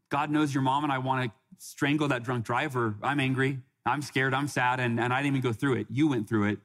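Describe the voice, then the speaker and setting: A man's voice: mid-range voice, a little fast, fairly bright tone. A man in his forties, a podcast guest, telling a personal story in an earnest way, often restarting and quoting others. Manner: earnest, with frequent restarts and quoted dialogue.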